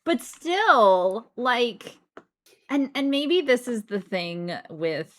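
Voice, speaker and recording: A woman's voice: fairly high pitch, sing-song, extremely slow, a bit bright. A woman in casual chat, emphatic and swearing freely while ranting about relationships. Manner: emphatic, swears, rants then apologizes.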